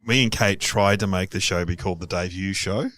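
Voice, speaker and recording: A man's voice: low-pitched, brisk, a little hiss or hum. Australian man telling stories animatedly. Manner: storytelling, animated impressions of others. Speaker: podcast co-host, comedian. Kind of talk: casual chat.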